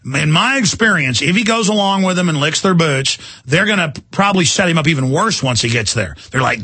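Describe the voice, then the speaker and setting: A man's voice: on the high side, animated, fairly quick, few pauses, bright, forceful tone, breathy edge, dry recording. A man hosting a talk radio show, rambling and indignant in an emphatic monologue from a studio.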